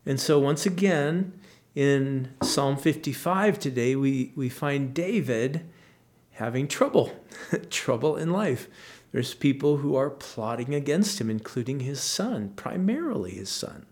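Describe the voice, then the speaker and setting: A man speaking as a pastor, giving a conversational, earnest Bible teaching with frequent restarts and soft asides. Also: mid-range voice, lively intonation, unhurried.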